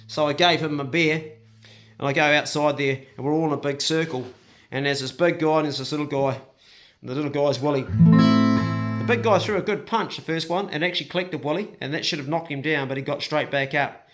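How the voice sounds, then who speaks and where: A man's voice: a little high, a little fast. A man telling a story in a rambling, colloquial way. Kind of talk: casual spoken storytelling. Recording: loud guitar music behind.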